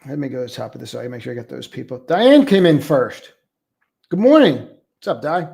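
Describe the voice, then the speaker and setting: A man's voice: medium pitch, lively intonation, brisk, vocal fry, mellow, breathy edge. A man hosting a live trading stream, talking casually and bluntly through market charts with lots of filler words. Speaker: trading show host.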